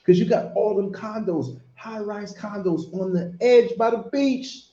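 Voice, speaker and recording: A man in his fifties hosting a casual chat, telling stories in an animated way and laughing big. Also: high voice, a little slow. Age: 50s. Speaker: podcast host. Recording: lo-fi echoey call audio.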